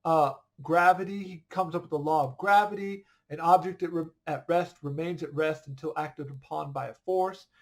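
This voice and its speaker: A man teaches an online history class with a slightly higher voice than most men. He talks in a loose, conversational way and keeps checking whether the students are following along. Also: moderate pace, hardly any pauses. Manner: conversational, checks understanding often. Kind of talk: casual online lesson.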